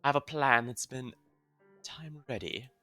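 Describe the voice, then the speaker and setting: A man voicing a haughty, composed noblewoman patron who speaks formally and with measured courtesy, reading a game's story aloud. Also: mid-range voice, expressive, sharp tone, soft background music. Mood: scheming.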